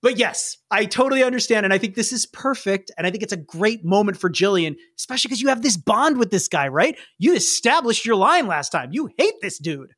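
A man's voice: sits high, expressive, a little fast, few pauses, a bit bright. A man running a tabletop role-playing game as game master, chatting casually and laughing often. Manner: casual, laughing, restarts mid-sentence.

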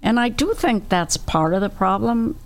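A woman's voice: medium pitch, expressive, normal speed, vocal fry. A woman guest in an interview who speaks firmly and repeats her points for emphasis. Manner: firm, emphatic repetitions. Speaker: guest, activist. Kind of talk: interview conversation.

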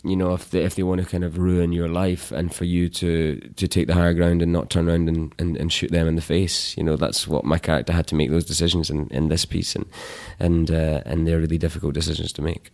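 Deep-voiced Scottish man, soft and halting. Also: flat delivery, vocal fry. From Scotland. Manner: soft-spoken, halting with restarts, laughs easily. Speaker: actor guest. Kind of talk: casual interview chat.

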